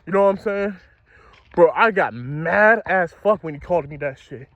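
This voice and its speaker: A man's voice: sits high, animated, moderate pace, fairly bright tone, no echo, highs cut off. A young man telling a story from his school days in a casual, slangy, profane way, speaking outdoors.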